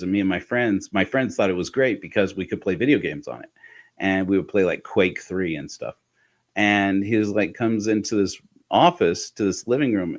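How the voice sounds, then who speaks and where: A man telling a reflective personal story in a candid, halting way, with restarts and soft laughs. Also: low-pitched. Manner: candid, intimate. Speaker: host of a personal podcast talk.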